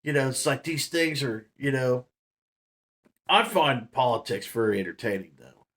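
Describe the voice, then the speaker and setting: A man's voice: medium pitch, animated, moderate pace, fairly bright tone. A man telling a story to the camera in a rambling, casual way, with lots of fillers and laughs. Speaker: vlogger.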